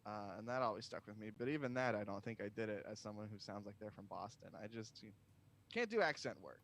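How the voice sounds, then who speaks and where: A man's voice: lowish voice, expressive, fast talker, a bit bright. A man co-hosting a comedy podcast, joking and laughing through casual chat. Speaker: podcast co-host.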